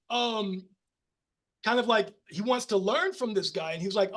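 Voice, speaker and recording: High voiced american guy on a podcast, animated, lots of restarts and laughs. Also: normal speed. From United States. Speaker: podcast guest. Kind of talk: casual storytelling conversation.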